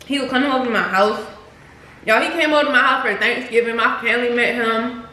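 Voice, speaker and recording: Chatty young woman, bright echoey voice. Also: fairly high pitch, fast. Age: young adult. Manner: chatty, slangy, addresses viewers as "y'all". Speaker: vlogger telling a story. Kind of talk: casual storytime chat. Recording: echoey room with faint noise.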